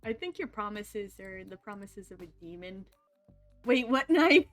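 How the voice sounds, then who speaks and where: A woman's voice: medium pitch, animated, unhurried, soft background music. A woman hosting a casual stream, joking around and laughing often. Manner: giggly, joking, frequent laughter. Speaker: streamer host.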